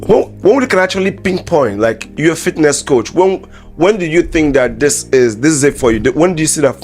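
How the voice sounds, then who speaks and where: A man's voice: on the high side, animated, fairly quick, darkish tone, soft background music. A man hosting a podcast interview. He rambles through his questions, restarts them, and finishes his guest's sentences. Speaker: podcast host. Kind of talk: casual interviewing.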